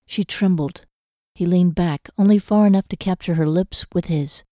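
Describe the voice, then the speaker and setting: A woman narrating a romance novel audiobook in a measured, emotive storytelling manner. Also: fairly low pitch, mellow, no room sound, clean studio sound.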